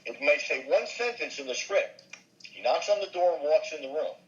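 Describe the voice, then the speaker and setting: The speaker, an older man who works as a voice actor and comedian, shares lively show-business stories in an interview and breaks into character voices. His pitch is fairly high and his pace moderate, and the audio sounds dull.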